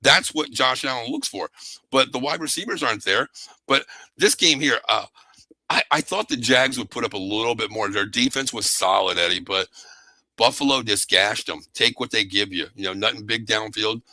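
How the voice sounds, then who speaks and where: A man hosting a casual sports talk show, animated and excitable, often calling his co-host by name. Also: mid-range voice, normal speed, no room sound, rough recording.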